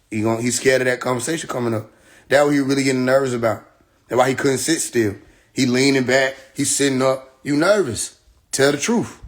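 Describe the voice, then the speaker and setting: A man speaks while he hosts his own livestream. He rants hotly and swears freely, talking straight at his viewers in loose, casual speech. His pitch sits right in the middle for a man. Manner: heated, profane, talks straight at viewers. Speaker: livestream host.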